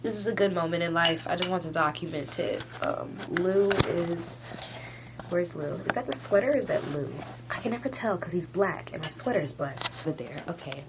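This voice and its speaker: A young woman in her twenties crying softly through a rambling confessional vlog at home, filling every pause with "like" and breaking into teary laughs. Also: lowish voice, noisy background. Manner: rambling, heavy use of "like", tearful laughs. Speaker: vlogger. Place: at home doing a face mask.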